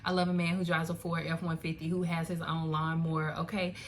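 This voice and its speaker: A young woman talking through books in a casual, animated way, full of "like" and "y'all", with laughing asides. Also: low-pitched, a little fast, slight background noise. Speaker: book reviewer. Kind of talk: casual chat. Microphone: phone camera.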